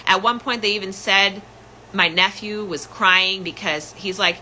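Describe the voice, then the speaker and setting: A woman's voice: mid-range voice, fairly even intonation, measured pace, sharp tone, a little hiss or hum, poor audio. A young adult woman hosting a podcast, telling a personal story in an emotional, candid way and repeating phrases for emphasis. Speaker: podcast host.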